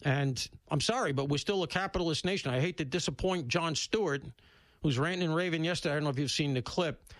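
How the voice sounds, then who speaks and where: A man hosting a talk radio show, talking bluntly and casually, with loud emphatic bursts and low asides. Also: very animated, a little fast, dry recording. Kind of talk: opinionated talk radio monologue. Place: radio studio.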